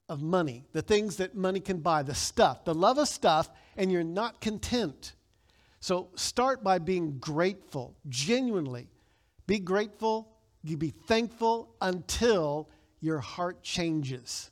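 High-voiced man preaching a lively sermon. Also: a little slow. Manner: conversational, with emphatic loud bursts when quoting scripture; leads the congregation in call-and-response. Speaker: pastor.

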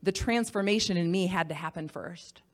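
A woman giving a personal testimony as a missionary, telling her story in a lively way and acting out the voices of the people she quotes. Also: lowish voice, normal speed. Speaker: missionary speaker.

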